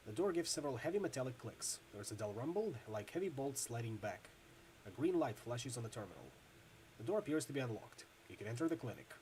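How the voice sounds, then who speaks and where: A man narrating a video game's text aloud, steady and descriptive with occasional slips. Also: medium pitch, quick pace, slight background noise. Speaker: narrator reading a video game.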